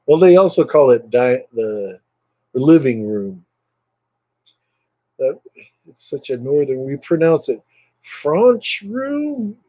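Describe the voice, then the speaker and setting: A man's voice: mid-range voice, dark tone, low-quality recording. A man chatting casually on a live stream, rambling with lots of fillers and thanking viewers by name.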